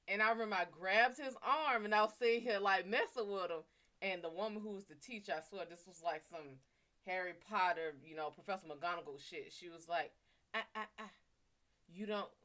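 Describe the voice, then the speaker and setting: Female stream host, crisp bright tone, casual cursing storyteller who talks straight to the chat. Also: medium pitch, fairly quick. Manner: profane, chatty, talks to viewers. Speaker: livestream host.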